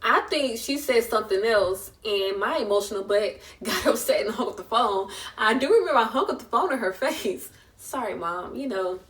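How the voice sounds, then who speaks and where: A woman's voice: on the high side, animated, moderate pace, hardly any pauses, fairly bright tone, recorded from a distance. A young woman, telling an emotional personal story in a vlog and acting out the voices of the people in it. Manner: chatty, emotional retelling with voiced quotes. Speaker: vlogger.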